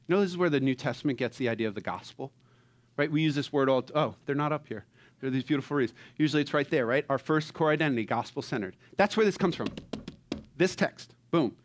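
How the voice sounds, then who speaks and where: Guy preaching, acting out movie bits, goes loud then real quiet, voice a bit high and bouncy. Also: fast. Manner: animated, acts out movie characters, swings from loud to hushed. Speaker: pastor. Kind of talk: sermon.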